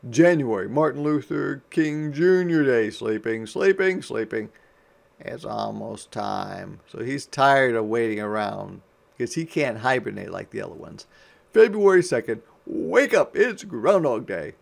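A male teacher reads a picture book aloud to young children. He pauses to quiz them and answers his own prompts. He speaks slowly in a creaky, gravelly voice of ordinary pitch. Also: lively intonation.

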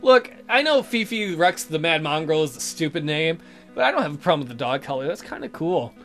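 A young man hosting a let's play, reading game text aloud and adding sarcastic, profane commentary with sudden loud outbursts. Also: a little high, sing-song, fairly quick, soft background music.

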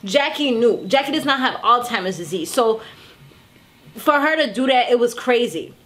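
A young woman casually recapping a reality TV episode in a chatty, animated way. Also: a little high, moderate pace. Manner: chatty and animated, acts out quotes. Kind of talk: casual chat.

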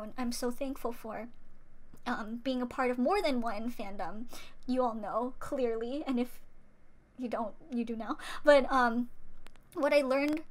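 A young woman vlogger giving an impassioned, earnest fan rant to the camera, close to tears at times. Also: high voice. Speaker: YouTube reaction vlogger.

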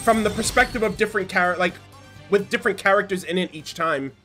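A man reacting casually to a video game trailer, excitable, swearing freely and breaking into loud laughs and shouts. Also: high voice, fairly quick, soft background music. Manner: swears freely, says dude and bro.

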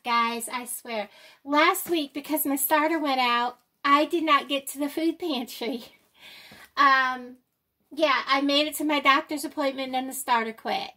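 A woman's voice: high-pitched, bright, forceful tone. An older woman vlogging, out of breath, with slightly off speech, rambling and apologetic with many ums. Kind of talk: casual chat to camera.

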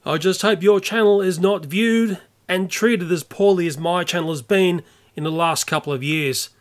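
An older Australian YouTuber delivering an earnest, opinionated rant to camera. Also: male voice, high-pitched, normal speed. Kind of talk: ranting monologue to camera.

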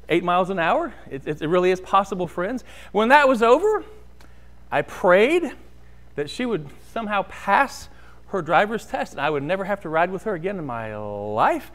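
A man preaching a sermon in a church sanctuary, telling a personal story in an animated, conversational way. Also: high voice, moderate pace. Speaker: pastor.

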